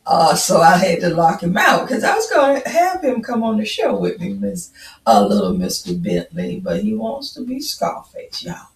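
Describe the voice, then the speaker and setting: A woman's voice: medium pitch, wildly swooping pitch, moderate pace, vocal fry, roomy sound, rough recording. A woman in her fifties chatting casually on a livestream, greeting viewers by name. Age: 50s. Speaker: livestream host.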